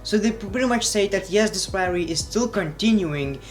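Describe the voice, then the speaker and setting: A man's voice: sits high, moderate pace, faint music behind. A man reviewing wrestling in a blunt, sarcastic, profane way, casual vlog style.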